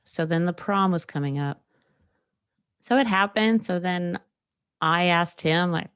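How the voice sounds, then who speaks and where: A woman's voice: on the low side, measured pace, pauses often, fairly bright tone, clean tone, dry recording, muffled recording. A young woman hosting a solo podcast, talking candidly and rambling, with frequent laughs and fillers. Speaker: podcast host. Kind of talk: casual solo podcast chat.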